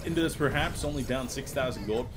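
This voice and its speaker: With music playing in the background, a young man talks fast in a medium-pitched voice while casting a video game match by himself. He has hiccups, is chatty and self-deprecating, and gets excited on plays, all from a room at his mother's home.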